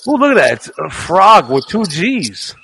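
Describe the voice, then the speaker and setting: Bright, animated male podcast host. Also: sits high, moderate pace, vocal fry, slight background noise. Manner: playful, teasing, profane. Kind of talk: casual podcast banter.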